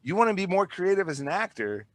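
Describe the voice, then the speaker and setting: A man, a filmmaker guest, telling stories in a casual podcast chat, rambling and animated, with frequent restarts and repeated words. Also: sits high, fast talker, no echo.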